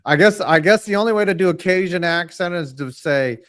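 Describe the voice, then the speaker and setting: A man's voice: sits high, a little fast, a bit bright. A man co-hosting a casual sports podcast, blunt and jokey, with frequent swearing. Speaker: co-host.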